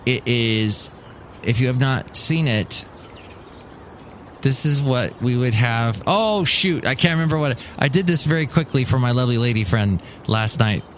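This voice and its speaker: A man's voice: medium pitch, normal speed, slight background noise. A middle-aged man hosting his own podcast in a casual solo monologue, wry and grumbling, slipping into mocking voices. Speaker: podcast host.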